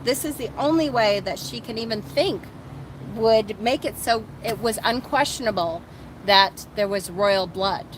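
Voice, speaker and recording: Woman host, casual book talk, chatty and animated, medium pitch, outdoors. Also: a little slow, slight background noise, rough recording. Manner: chatty, animated, with frequent fillers. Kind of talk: casual book reading and commentary. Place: outdoors, on sand.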